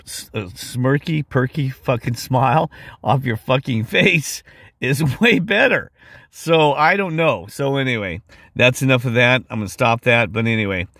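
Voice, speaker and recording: A man hosting a video, talking excitedly and repeating himself as he comments on a clip. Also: mid-range voice, no echo, studio quality. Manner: excitable, repetitive, with frequent restarts. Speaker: video host. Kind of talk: casual commentary.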